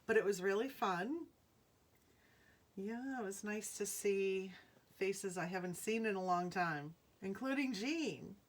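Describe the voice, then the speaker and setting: A woman with a Rhode Island accent hosts a casual live jewelry sale from her home. Her voice sits a little high and she talks slowly and easily. She chats with her viewers, greets them by name and laughs often. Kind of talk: casual live-stream selling chat.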